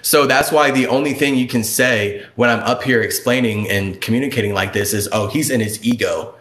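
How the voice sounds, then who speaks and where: A man holds forth on a spiritual live stream in a casual, rambling way, looping back over the same points with emphatic, quickening bursts. His voice sits at an ordinary middle pitch. The sound carries a roomy echo around it. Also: fairly bright tone. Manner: rambling, repetitive, emphatic preaching with speeding bursts.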